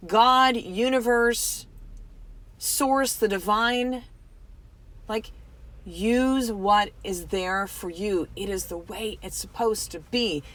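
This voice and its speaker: A woman's voice: mid-range voice, slow pace, fairly bright tone. Candid, emphatic woman podcast host. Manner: candid and emphatic, swears freely, addresses listeners directly. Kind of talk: motivational podcast monologue.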